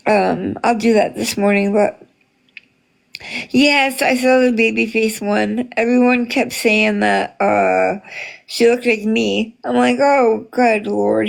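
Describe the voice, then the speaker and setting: Woman, livestream host, casual chat, slow talker, gravelly fry, greets viewers by name. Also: on the high side. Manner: chatty, greets viewers by name, many fillers.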